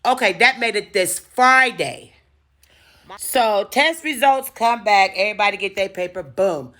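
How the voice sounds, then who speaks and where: Bright-voiced woman telling a dramatic story. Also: mid-range voice, unhurried. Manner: animated, profane, dramatic storyteller. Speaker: storytime vlogger. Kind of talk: casual storytelling.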